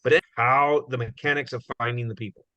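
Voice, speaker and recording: A man's voice: medium pitch, steady tone, a little fast, sharp tone, no echo. A man giving a casual, rambling talk on recruiting, full of "you know" fillers, acting out little dialogues. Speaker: guest speaker on recruiting. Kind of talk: conversational presentation. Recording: dull, muffled audio.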